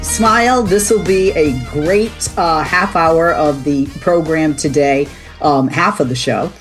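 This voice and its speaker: A woman's voice: low voice, takes it slowly, soft background music. A woman hosting a talk radio show, chatting with a guest in a loose way full of fillers and restarts. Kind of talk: casual talk show interview.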